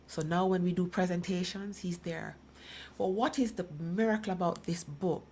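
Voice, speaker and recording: Guest speaker, middle-aged woman, emphatic storyteller, rough fry in the voice. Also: lowish voice, steady tone, normal speed, few pauses, a little mellow, a little hiss or hum. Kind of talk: personal testimony in a talk program.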